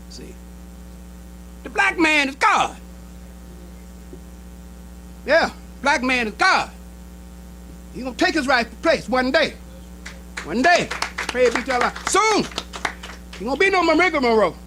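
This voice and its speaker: Man preaching, really high bright voice, punchy repeated lines, faint hum under it. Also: big pitch swings, measured pace, long pauses, poor audio. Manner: emphatic preaching with short repeated phrases. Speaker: minister. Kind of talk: sermon. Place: temple hall.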